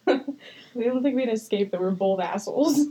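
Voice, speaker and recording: A woman's voice: fairly high pitch, moderate pace, warm tone, husky, rough recording. A young woman co-hosting a podcast in casual chat, rambling and giggling often, swearing casually. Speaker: podcast co-host.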